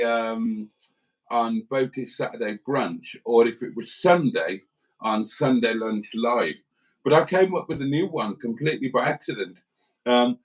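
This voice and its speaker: Tired British man with dry banter. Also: medium pitch. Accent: British English. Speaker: livestream host. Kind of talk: casual livestream chat.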